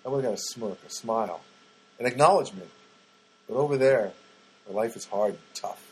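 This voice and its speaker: A man's voice: mid-range voice, a little fast, husky, poor audio. A man telling a long wry anecdote to his listeners, chatty and full of asides and fillers. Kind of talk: rambling anecdotal storytelling.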